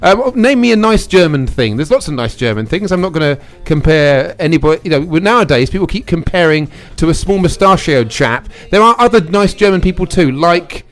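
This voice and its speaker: A man's voice: on the high side, lively intonation, a little fast, hardly any pauses, a bit bright, faint music behind. A man in his thirties with an English accent, hosting a local radio show in rambling, self-mocking studio chat.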